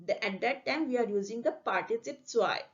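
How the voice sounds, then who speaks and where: A woman's voice: on the high side, animated, fairly quick, lo-fi sound. A woman teaching a German grammar lesson, explaining carefully and repeating example words so they can be drilled.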